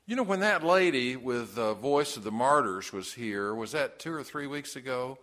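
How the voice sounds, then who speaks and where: A man preaching an evening Bible study sermon, halting with many fillers and then rising to emphatic stresses. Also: mid-range voice, expressive, fairly bright tone. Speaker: pastor.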